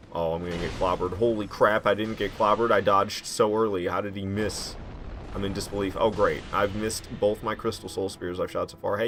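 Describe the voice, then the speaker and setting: A man giving casual, excitable commentary while playing a video game, slangy and quick to mock himself. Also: lowish voice. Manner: excitable, self-mocking, slangy. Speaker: gaming commentator.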